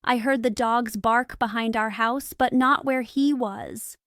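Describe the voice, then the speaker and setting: A dying asylum patient from a gothic audiobook, pleading with breathless urgency, as a woman reads him. The delivery is unhurried and crisp. The sound is dry and close. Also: on the high side, fairly even intonation, fairly bright tone, dry recording. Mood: urgent. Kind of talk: audiobook reading for English learners.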